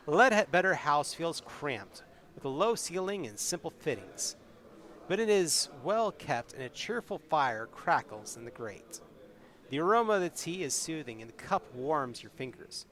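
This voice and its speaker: A man's voice: medium pitch, animated, moderate pace, fairly bright tone. A man streaming a solo tabletop adventure, reading its text aloud and adding wry asides. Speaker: solo game player and streamer.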